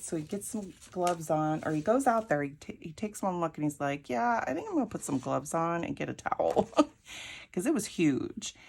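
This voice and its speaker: A woman's voice: fairly low pitch, gravelly, a little hiss or hum. A woman crafting and telling a rambling, chatty story, laughing often. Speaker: crafting vlogger. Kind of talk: casual storytelling while crafting.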